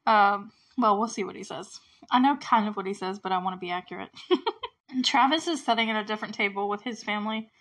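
A woman's voice: medium pitch, quick pace, a bit bright, rough recording. Chatty giggly woman recapping a movie. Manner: chatty, giggly, heavy use of "like".

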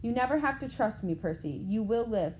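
A woman voicing a weary, wise old male centaur teacher who speaks calmly and firmly. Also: a little high, a little hiss or hum, close to an everyday voice, low-quality recording. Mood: grave. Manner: calm, measured, gently firm.

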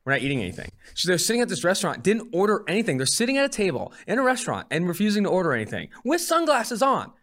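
A man's voice: high voice, very fast, few pauses. A man in his twenties hosting a podcast, chatting casually and telling stories with jokey energy. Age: 20s. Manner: animated storytelling, jokey. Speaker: podcast host.

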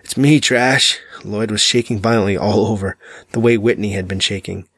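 Low-voiced man reading a dark novel. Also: steady tone, brisk, breathy edge, no echo. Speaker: audiobook narrator. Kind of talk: scripted narration.

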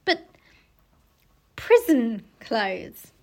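A woman's voice: on the high side, very animated, very slow, warm tone, full character voice. A woman reading aloud from a novel as a brash, joking male patient, with a mock-pitiful tone.

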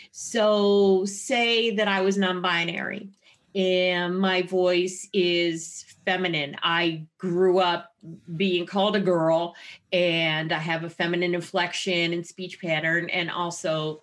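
A woman voice therapist explaining her methods in an interview, with an animated, wide-ranging inflection. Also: on the low side. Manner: explanatory and clinical.

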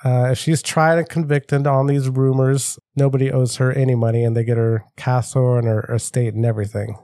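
A man's voice: mid-range voice, flat delivery, a little fast, mellow, no room sound, clean studio sound. A man co-hosting a podcast, reading through a historical story with offhand jokes in casual chat. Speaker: podcast host.

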